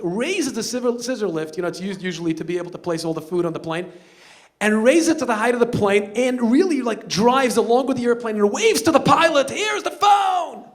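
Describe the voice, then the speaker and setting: A man speaking as a rabbi storyteller at a banquet, animated and acting out the characters in his story. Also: high-pitched. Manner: animated, acting out quoted voices. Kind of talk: storytelling speech. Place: banquet hall.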